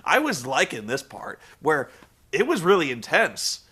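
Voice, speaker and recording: A man's voice: on the high side, unhurried, breathy edge. A man recapping a show in a sarcastic, profane comedic style, acting out the people in it. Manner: sarcastic, swearing, animated storytelling.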